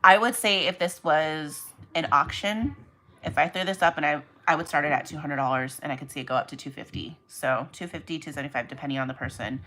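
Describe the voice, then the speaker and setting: A woman's voice: deep voice, fast talker, a bit bright, poor audio. A woman hosting a casual livestream as she packs orders, chatting and rambling off on tangents while talking to her viewers by name. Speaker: online reseller livestream host.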